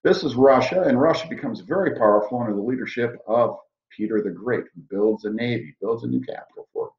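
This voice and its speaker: A man's voice: medium pitch, quick pace. A man teaching a history lesson, leading a map walkthrough with a joking manner. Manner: jokey, leads a map walkthrough. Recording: echoey room, dull lo-fi sound.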